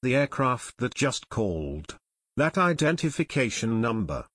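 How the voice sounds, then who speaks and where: A man's voice: mid-range voice, very animated, unhurried, a bit bright, slightly rough, no echo, heavily acted. A nervous middle-aged airport tower chief, as a male narrator reads him, trembling and frightened. The voice moves up and down a lot. It is close and dry, with no room sound. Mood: shaken. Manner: shaky, frightened delivery.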